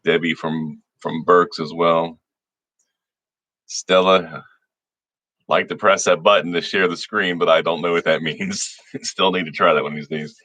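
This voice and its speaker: A middle-aged state senator hosting a livestream reads viewers' names aloud in a homey, folksy way, with frequent restarts. His deep voice is bright and forceful, steady in tone, measured in pace, and free of room sound.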